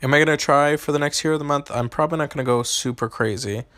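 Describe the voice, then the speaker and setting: A man's voice: fairly high pitch, fast, a bit bright, no room sound, studio quality. A young man streaming a mobile game, reading out and answering chat questions in a loose, hesitant way with lots of ums and restarts. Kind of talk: casual live-stream chat.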